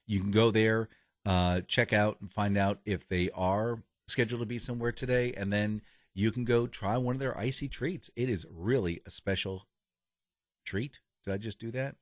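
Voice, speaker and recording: A man co-hosting a laid-back podcast delivers a read ad, wandering off and cutting himself off mid-thought. His voice is on the low side with fairly even intonation at a moderate pace. The clean studio recording has no room sound.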